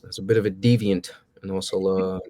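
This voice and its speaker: A man's voice: fast talker, no room sound. A young man, telling stories in a casual chat and acting out his past exchanges. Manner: animated, acts out his own past exchanges with rising pitch. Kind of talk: casual storytelling.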